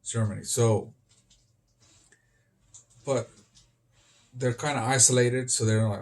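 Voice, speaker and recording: A man's voice: medium pitch, fairly even intonation, takes it slowly, vocal fry, pauses often. Rambling man talking on the street. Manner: rambling and disjointed, jumps between topics.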